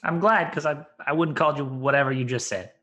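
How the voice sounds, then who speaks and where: A man playing a tabletop game in character, laid-back and casual, with halting restarts. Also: on the high side, sharp tone, highs cut off, faint music behind. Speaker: player.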